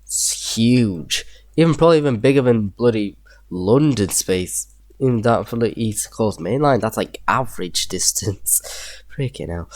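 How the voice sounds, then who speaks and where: A young Yorkshire-accented gameplay creator thinks aloud while building a train map in a game, chuckling to himself now and then. His voice is on the low side and a little mellow, in a dry recording.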